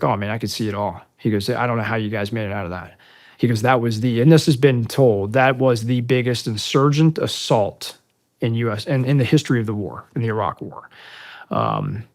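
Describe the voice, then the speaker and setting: A middle-aged American man, a military veteran, telling war stories in a casual interview, with many fillers and acted-out dialogue. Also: mid-range voice. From United States. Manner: conversational, many fillers, acts out quoted dialogue.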